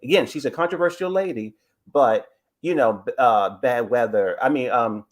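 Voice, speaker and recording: A man with a medium-pitched voice calls in to a live show, speaking at a moderate pace. In casual fashion, he gives gossipy, rambling commentary on a reality TV episode.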